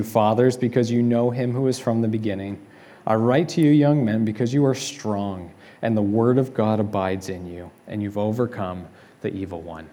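A man delivers a sermon from the pulpit of a church in an easygoing, explanatory way, often posing questions to his congregation. His voice is warm and mellow, sitting at an ordinary middle pitch. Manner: conversational, explanatory preaching with rhetorical questions. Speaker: pastor. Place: church sanctuary.

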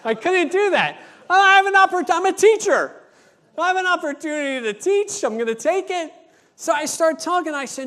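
A male pastor preaching a sermon, telling a story with lively acted-out dialogue, then slowing into an earnest teaching tone. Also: very high voice. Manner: animated storytelling, acting out dialogue; slows down and turns earnest for teaching points.

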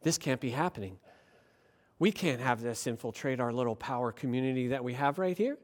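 Preacher doing jittery pharisee old men, dropping way low and quiet, muttering fast, scheming and scared. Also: animated, natural voice. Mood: panicked. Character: panicky scheming male Pharisee elders.

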